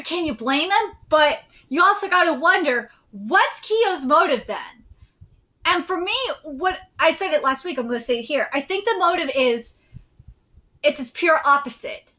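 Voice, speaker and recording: A woman talks through a manga chapter live, casual and excitable, often pausing on "um" and "uh." Her voice sits high and has a bright, forward edge. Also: low-quality recording. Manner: chatty, many fillers, excitable. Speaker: host. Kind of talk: live manga reaction, reading aloud.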